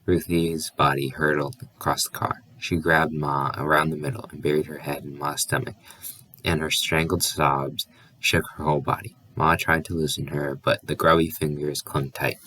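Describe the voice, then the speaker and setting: A man's voice: rumbling low, bright, forceful tone. A man reading a novel aloud as an audiobook, with small slips and restarts. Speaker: audiobook reader.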